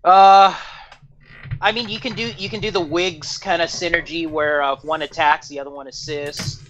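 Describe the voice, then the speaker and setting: A man's voice: on the high side, steady tone, moderate pace, fairly bright tone, slight background noise. A man co-hosting a game stream on a call, thinking aloud with lots of fillers. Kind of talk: casual group chat on a call. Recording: dull lo-fi call audio.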